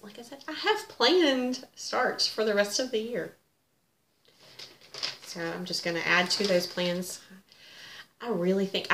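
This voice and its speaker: A woman's voice: medium pitch, a bit bright. Middle-aged lady gushing about her stitching, roomy echo, faint hum behind. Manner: chatty and gushing. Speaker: cross-stitch vlogger. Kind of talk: casual chat. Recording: echoey room with faint ambience.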